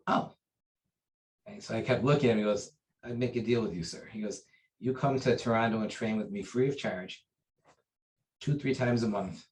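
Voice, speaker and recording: A man recounting memories of his teacher in an interview, earnest and halting, with many fillers and restarts. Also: fairly low pitch, a little mellow, poor audio. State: briefly choked up. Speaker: interview guest, taekwondo master. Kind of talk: conversational storytelling.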